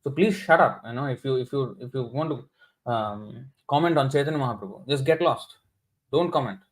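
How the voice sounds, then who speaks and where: On a rough recording, a man with a mid-range, animated voice delivers a sermon at a moderate pace to a scripture class. His manner is indignant and scolding, with heavy emphasis.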